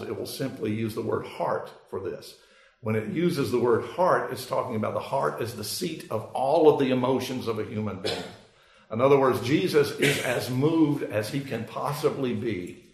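Gravelly-voiced preacher in an echoey church. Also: male voice, mid-range voice, slight background noise. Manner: explanatory, unhurried, with frequent fillers. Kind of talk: sermon. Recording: echoey room.

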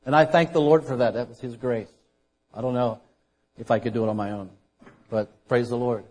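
A man preaching a conversational sermon as a pastor, shifting between loud emphasis and quiet asides. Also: mid-range voice, fairly even intonation, fairly quick. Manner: conversational preaching, dynamic loud and soft swings.

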